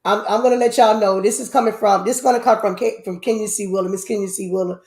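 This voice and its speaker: A woman hosting a casual live-stream chat, animated, with loud outbursts and a lot of repeating herself. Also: medium pitch, fast. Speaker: host. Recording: echoey room.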